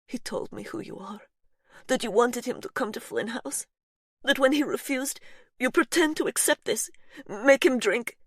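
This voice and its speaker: A woman's voice: fairly high pitch, moderate pace, slightly rough, dry recording, clean studio sound, voice pushed up. A woman voicing a fierce young woman with a strong Polish accent who speaks in broken English, furious and tearful.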